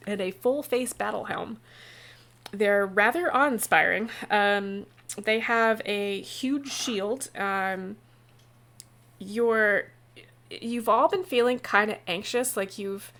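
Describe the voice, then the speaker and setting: A woman's voice: mid-range voice, fairly bright tone. A woman narrating a tabletop game as game master, rambling with many fillers.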